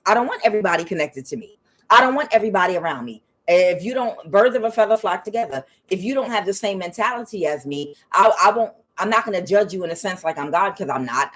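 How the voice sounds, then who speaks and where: A woman reading tarot in a casual spiritual chat, frank and profane, mimicking other people in a higher voice. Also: a bit bright, breathy edge. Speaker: tarot reader.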